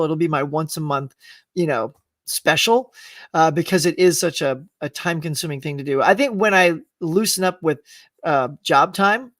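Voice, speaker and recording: A middle-aged man with a fairly high voice chats loosely with his live audience, rambling from topic to topic and laughing along the way. The sound is dry, with the mic set a little back from him. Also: no echo, distant mic. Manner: rambling, animated, laughs often. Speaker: live-stream host answering chat. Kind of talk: casual chat.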